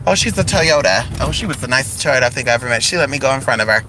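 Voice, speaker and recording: A man's voice: medium pitch, animated, rapid-fire. A man chatting sassily and animatedly while vlogging from his car. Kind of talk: casual car vlog. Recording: traffic noise behind. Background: road traffic.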